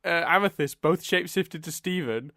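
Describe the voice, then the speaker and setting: A man's voice: a little high, brisk, sharp tone, no room sound, clean studio sound. A man from England hosting a podcast, stuffy with hay fever, rambling with lots of restarts. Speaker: podcast host. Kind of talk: casual podcast chat.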